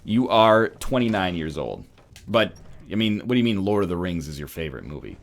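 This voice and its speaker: A man's voice: low voice, very animated, a little fast, creaky. A man riffing and joking sarcastically in casual stream chat. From Canada.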